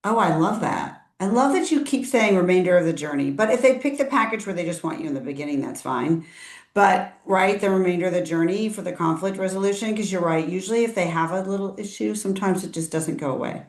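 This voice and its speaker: A middle-aged woman talks in a chatty, animated way, and her voice sits a little low for a woman. She acts out quotes with big jumps in pitch. The room around her has a noticeable echo. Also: fast talker. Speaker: interview host, IVF parent. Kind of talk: casual interview chat. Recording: roomy echo.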